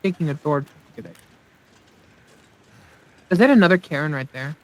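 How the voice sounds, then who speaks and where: Higher-voiced man narrating his gameplay. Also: lively intonation, normal speed, darkish tone, dry recording. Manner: rambling, thinking aloud, self-mocking. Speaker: let's play host. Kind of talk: casual gameplay commentary.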